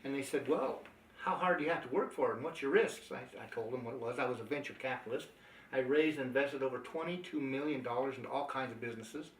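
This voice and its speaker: A man delivers an upbeat, emphatic motivational training talk about network marketing. He speaks quickly at a medium pitch, recorded in an echoey room with the mic at a distance.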